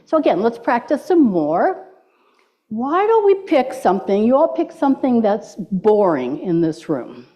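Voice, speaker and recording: A woman's voice: fairly high pitch, sing-song, unhurried, dark tone. A middle-aged woman minister giving a playful sermon in a church and leading the congregation in call-and-response. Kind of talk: sermon with audience participation. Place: church sanctuary. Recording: dull lo-fi church recording.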